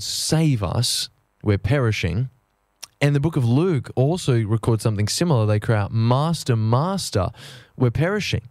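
Male preacher, mid-pitched, earnest sermon delivery with slow emphatic phrases, dry close recording. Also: a little mellow, no room sound. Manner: earnest, slowing down to stress key phrases.

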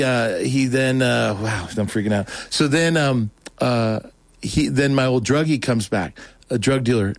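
A man telling his story as a guest, rambling and animated, acting out other people's lines. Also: medium pitch, no room sound. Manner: rambling, animated storytelling, acts out quoted voices. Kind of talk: casual testimony.

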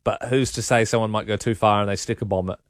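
Chatty Australian radio co-host. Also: male voice, lowish voice, steady tone, fast talker, no echo, studio quality. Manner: chatty storyteller, self-mocking, laughs often. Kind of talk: casual breakfast radio chat.

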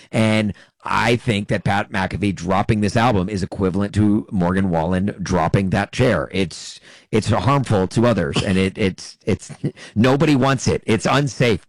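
A man's voice: on the low side, normal speed, no room sound. A man in casual talk, making his points in emphatic, joking rants. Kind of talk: casual chat.

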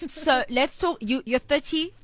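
A woman with a South African accent hosting a live radio chat show, bubbly and animated, on a studio microphone. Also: sits high, unhurried. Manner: bubbly, animated, code-switching. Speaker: radio host.

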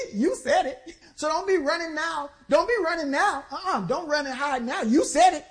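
A woman preacher delivering a sermon, exhorting the congregation with call-and-response, slowing for stressed phrases and speeding through quick bursts. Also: sits high, lively intonation.

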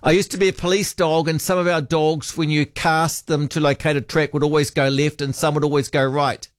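A man's voice: fairly high pitch, level tone, brisk, dry recording, studio quality. A man hosting talkback radio, chatting casually and reading out listener texts, often trailing off with hesitant ums.

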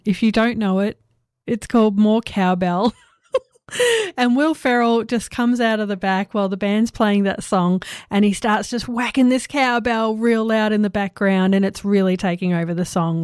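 A woman's voice: mid-range voice, darkish tone, smooth, no room sound. Australian woman, live radio host, chatty and giggly, dry studio sound. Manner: chatty, giggly, self-deprecating. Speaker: radio presenter. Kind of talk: casual live radio chat. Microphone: studio microphone.

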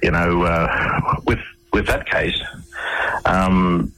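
A man's voice: deep voice, level tone, drawn-out words, creaky, sharp tone, poor audio. A man telling long, rambling anecdotes as a guest in a radio interview, often restarting his sentences.

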